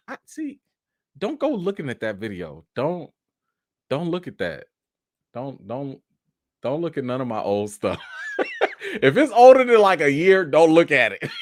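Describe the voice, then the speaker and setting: A man hosts a casual live stream, rattling off shout-outs to his viewers in an upbeat, chatty way. His pitch swings up and down a great deal, and he sits slightly high for a man. The sound is close and dry, with almost no room around it. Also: no room sound. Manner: laughs often, lively and chatty. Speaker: host of a live movie news chat.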